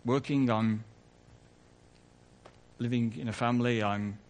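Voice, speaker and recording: A man's voice: medium pitch, fairly even intonation, a little slow, darkish tone. Man preaching a chatty sermon. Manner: conversational, rambling asides, self-correcting. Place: church.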